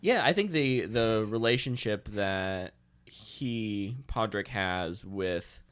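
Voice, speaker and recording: A man's voice: fairly low pitch, lively intonation, takes it slowly, fairly bright tone, clean tone. A man guesting on a podcast, chatting casually in an earnest, rambling way and laughing easily. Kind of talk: casual chat.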